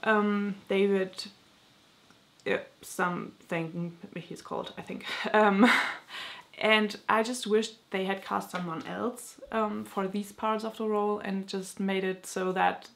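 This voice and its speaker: A young woman vlogger in casual chat, rambling excitedly and using many filler words. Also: mid-range voice, takes it slowly, creaky. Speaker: book vlogger.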